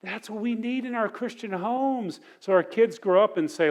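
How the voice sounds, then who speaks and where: A man's voice: high-pitched, moderate pace, few pauses. A middle-aged man teaching a parenting sermon at church in an earnest, conversational way.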